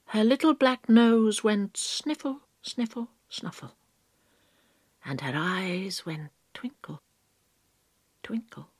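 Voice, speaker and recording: A woman reading a storybook aloud slowly in a soft, hushed, often half-whispered voice. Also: medium pitch, sing-song, no echo.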